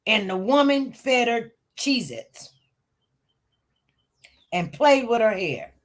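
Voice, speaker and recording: A woman's voice: fairly high pitch, slow pace. A woman giving casual, emphatic commentary on news stories, repeating herself and talking informally. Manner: emphatic, repetitive, animated.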